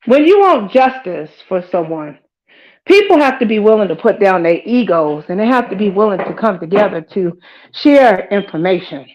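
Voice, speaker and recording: A middle-aged woman hosting her own channel, rambling and preaching straight to her viewers in a casual, animated way. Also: medium pitch, moderate pace, dull audio. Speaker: host of her own live-commentary channel.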